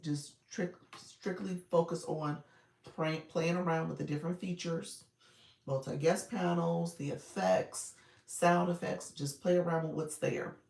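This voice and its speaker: Woman coach, casual live chat, gravelly edge, roomy and a bit off-mic. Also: on the low side, steady tone, a little mellow, far from the mic. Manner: chatty, greets viewers by name, quick asides.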